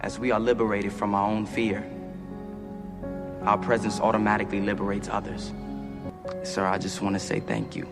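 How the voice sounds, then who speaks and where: A man's voice: lowish voice, flat delivery, moderate pace, pauses often, lightly acted. An actor playing an earnest young male student who recites a poem to his coach in a film scene. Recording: film clip with reverb and music.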